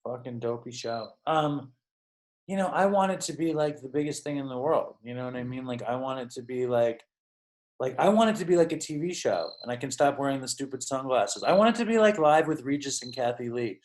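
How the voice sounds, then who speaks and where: A man's voice: medium pitch, lively intonation, a little fast, a little mellow. Rambling, profane male storyteller. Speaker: podcast guest. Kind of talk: casual storytelling.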